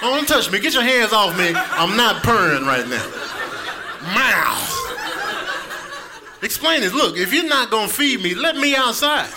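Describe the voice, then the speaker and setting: A man's voice: high-pitched, very animated, a little slow, background noise, voice pushed up, full character voice. A man voicing a demanding, fed-up hungry cat that barks orders. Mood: indignant. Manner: indignant, commanding.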